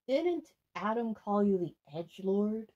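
A woman hosts a casual paranormal challenge vlog at a middling pitch. Her delivery is excitable and dramatic, with plenty of swearing thrown in. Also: unhurried, lo-fi sound. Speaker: video host.

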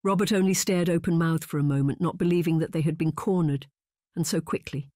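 An audiobook narrator reading a period romance aloud in an even, measured manner. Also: medium pitch, dry recording, clean studio sound. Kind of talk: scripted narration.

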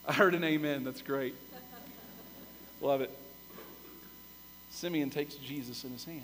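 A man preaching a sermon as pastor, telling the story with lively, animated emphasis that swells to loud peaks. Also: mid-range voice, measured pace, in a large hall, slight background noise, rough recording. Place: church sanctuary.

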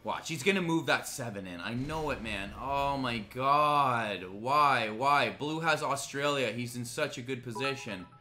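A man streaming a strategy game live, ranting angrily with heavy swearing, swinging between loud outbursts and low muttering. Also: moderate pace, hardly any pauses, faint music behind. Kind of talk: live gaming commentary.

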